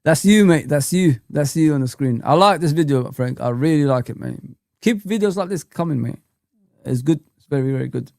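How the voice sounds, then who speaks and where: A man's voice: on the high side, animated, a little fast, vocal fry, a little mellow, no room sound. A man hosts a fan live chat, ranting and exasperated and hammering points home by repeating them. The sound is dry and close with no room around it. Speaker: fan channel host.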